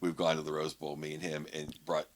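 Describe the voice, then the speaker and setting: A man's voice: a bass voice, little pitch movement, fairly quick. A middle-aged man from Pittsburgh, a guest comedian telling a rambling anecdote on a podcast, full of restarts. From Pittsburgh, USA. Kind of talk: casual storytelling on a podcast.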